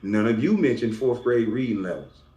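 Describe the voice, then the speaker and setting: A man's voice: medium pitch, animated, moderate pace, dark tone. Man ranting confrontationally in an echoey room. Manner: confrontational, scolding, emphatic. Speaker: YouTuber. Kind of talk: ranting monologue to camera. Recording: echoey room with faint background hum.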